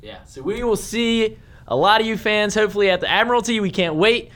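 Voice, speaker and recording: A man co-hosting a sports podcast, jokey and animated. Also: high voice, a little fast. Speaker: podcast co-host. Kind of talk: casual sports talk.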